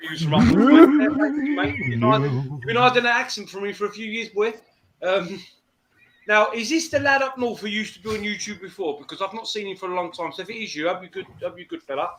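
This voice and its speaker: A man's voice: sits high, expressive, fairly quick, crowd noise. A middle-aged man with an Essex accent hosting a casual live stream, joking and swearing freely. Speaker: livestream host. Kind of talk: casual banter.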